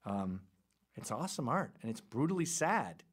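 A man's voice: medium pitch, big pitch swings, normal speed, husky. A middle-aged man hosting a podcast, talking in a rambling, irreverent, casual way. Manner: rambling, irreverent, jumps between topics. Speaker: podcast host.

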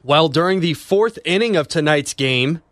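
A man's voice: on the high side, animated, normal speed, a bit bright, dry recording. A man co-hosting a sports radio show, explaining and announcing in a matter-of-fact way. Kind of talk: casual sports radio banter. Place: radio studio. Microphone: studio microphone.

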